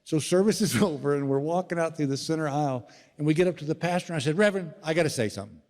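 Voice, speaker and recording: A man's voice: on the high side, fast, a little mellow, in a large hall. A middle-aged man doing a stand-up routine, telling folksy stories and acting out the voices of the people in them. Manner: folksy storytelling, acts out voices in quotes. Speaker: stand-up comedian.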